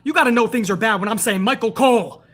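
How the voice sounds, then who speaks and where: Brief: profane, incredulous female host woman ranting at a live chat, husky and fairly high. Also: racing, fairly bright tone. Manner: reads out and answers chat viewers. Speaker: show host. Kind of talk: heated wrestling show rant to a live chat.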